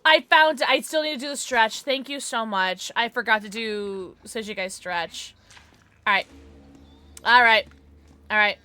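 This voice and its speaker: A woman streamer giving excitable, chatty live gameplay commentary, often gasping and teasing playfully. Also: mid-range voice, a little slow, long pauses, smooth, no room sound. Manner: playful mock-polite teasing.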